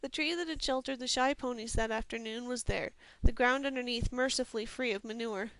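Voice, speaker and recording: A woman reading a fantasy novel aloud as a steady, even storyteller from a home recording. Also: fairly high pitch, dry recording. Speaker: audiobook reader. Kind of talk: scripted fantasy novel narration.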